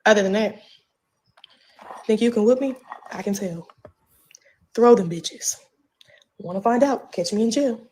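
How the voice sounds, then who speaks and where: A woman's voice: on the high side, darkish tone, slight background noise. A pregnant woman ranting on a livestream from home, profane and confrontational with a drawling delivery.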